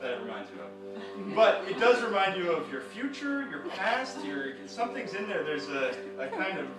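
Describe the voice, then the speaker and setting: A man's voice: high-pitched, sing-song, normal speed. Rambling man narrating a live story. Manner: rambling, full of fillers and restarts, playful asides. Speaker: storyteller and comics reader. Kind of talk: live interactive story reading. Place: live performance venue. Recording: echoey room from a distance with music.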